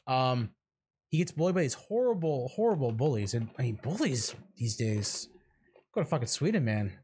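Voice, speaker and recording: A man co-hosting a casual horror podcast, excitable, swearing freely and trailing off into fillers. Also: medium pitch, normal speed, a little hiss or hum. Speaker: podcast co-host. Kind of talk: casual chat.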